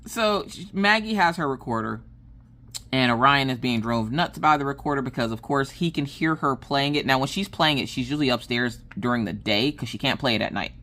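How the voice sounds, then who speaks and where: A woman, chatting casually in a crafting vlog, telling stories in an animated way and acting out what people said. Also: rumbling low, brisk. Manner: animated storytelling, acts out quotes. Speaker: crafting vlogger. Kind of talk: casual chat while crafting.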